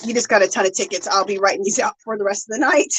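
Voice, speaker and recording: A woman's voice: medium pitch, fast, a bit bright, a little hiss or hum, poor audio. A woman hosting a casual craft livestream, chatting with viewers and gushing with thanks. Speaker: livestream host.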